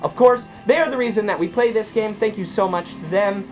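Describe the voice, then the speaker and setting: A man's voice: high voice, fairly quick, faint music behind. A man who is under the weather and stands in as host and game master of a live tabletop stream, rambling and joking at his own expense. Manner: self-deprecating, rambling, joking. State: sick with a cold.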